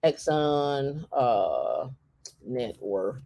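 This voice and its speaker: Co-host, mid-pitched, casual and halting, thinks aloud while browsing, plenty of fillers and restarts. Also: very animated, vocal fry, warm tone. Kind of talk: casual talk while browsing on a shared screen.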